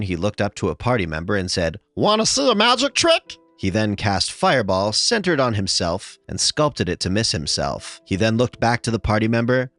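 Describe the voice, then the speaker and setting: A man narrating tabletop game stories in a scripted, even reading. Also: fairly low pitch, no room sound. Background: faint music.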